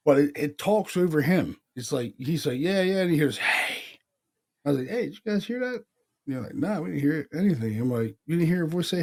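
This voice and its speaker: A man's voice: mid-range voice, a little mellow, husky. A man from Pennsylvania co-hosting a paranormal podcast, telling stories loosely, acting out the voices he heard and swearing casually. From Pennsylvania, USA. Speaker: podcast co-host, paranormal investigator. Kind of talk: casual chat.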